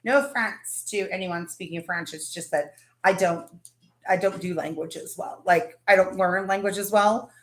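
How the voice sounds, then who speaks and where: A woman's voice: fairly low pitch, fairly even intonation, a little slow, reverberant. A woman hosting a casual livestream, chatting and greeting viewers by name. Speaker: livestream host.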